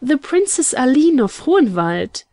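A woman reading the part of a lively young lady who speaks breathlessly and teases mockingly, in a storybook. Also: mid-range voice, unhurried, dry recording, natural voice. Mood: teasing.

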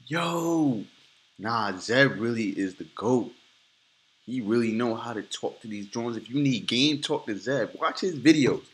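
A man's voice: mid-range voice, lively intonation, unhurried. A man hosting a reaction video, hyping up a clip in casual, slangy commentary. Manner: hyped, slangy hype-man talk. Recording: noisy background.

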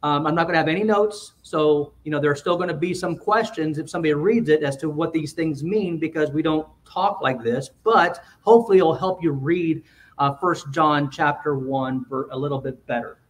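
A man's voice: on the high side, normal speed, recorded from a distance, a little hiss or hum. A male pastor giving an explanatory sermon in a church, restarting phrases and putting questions to his congregation. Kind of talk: expository sermon. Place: church sanctuary.

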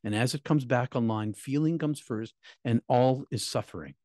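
A middle-aged man and minister recounting his near-death experience in an emotional, halting way, repeating words, his voice climbing high at painful moments. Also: warm tone, dry recording, studio quality. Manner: halting, repeats words, voice rising high when reliving pain. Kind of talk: emotional personal storytelling.

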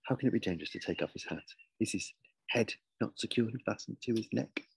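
A man voicing a firm, brisk schoolteacher woman in a storybook reading, with a raised, bright teacherly tone. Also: fairly low pitch, creaky, breathy edge, dry recording, exaggerated voice, low-quality recording.

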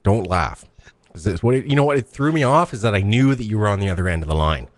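A man hosting a casual chat, quick and playful, often restarting his sentences. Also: on the low side, animated. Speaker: show host.

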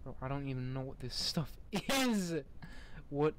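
A man's voice: mid-range voice, big pitch swings, unhurried, slight background noise. A young man giving casual, sarcastic commentary while playing a game, mocking what he sees and laughing in bursts. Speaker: gamer.

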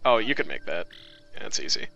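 A man's voice: on the low side, very animated, brisk, bright, forceful tone. A man playing a video game with friends in casual chat, laid-back and exclaiming at his shots. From Canada. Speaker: gamer. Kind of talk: casual let's-play chat.

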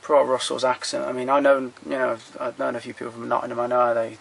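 A man's voice: medium pitch, completely flat delivery, fast talker, gravelly, slightly rough. A man walking through his film collection at home in a casual, rambling way, blunt and opinionated, swearing freely and trailing off between titles, recorded on a handheld camera.

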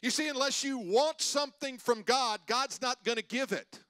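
High-voiced man preaching a sermon. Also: moderate pace, clean tone, no room sound. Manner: storytelling, swings between loud preaching and hushed asides. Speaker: pastor. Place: church sanctuary.

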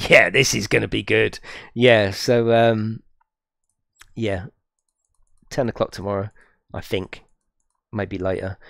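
A man giving excitable, chatty live commentary while streaming a game and talking to his viewers. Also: medium pitch, gravelly, no room sound.

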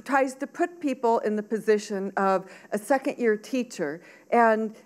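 An older woman from Southern Oregon, a teacher educator giving a talk and reading from her own novel, thoughtful with frequent fillers and restarts. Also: medium pitch.

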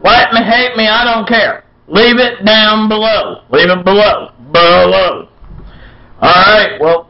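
A man hosting a casual beer review vlog, loud, folksy and irreverent, with playful chants. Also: high voice, creaky, lo-fi sound. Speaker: beer review show host.

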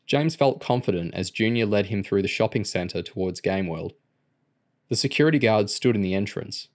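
A man narrating an audiobook in a steady, even storytelling manner. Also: lowish voice, moderate pace. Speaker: audiobook reader.

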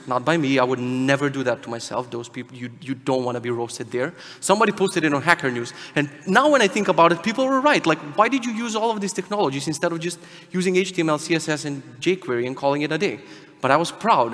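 A man's voice: medium pitch, fairly bright tone. A man from Macedonia giving a casual, joking, profane conference talk from a stage. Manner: irreverent, fast, profane, jokey. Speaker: conference speaker. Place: large conference hall. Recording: reverberant conference hall.

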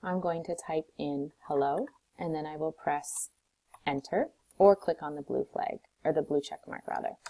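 A woman teacher calmly walking through a coding tutorial step by step, recorded on a desktop mic. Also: deep voice, normal speed, poor audio. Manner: calm, step-by-step instructions.

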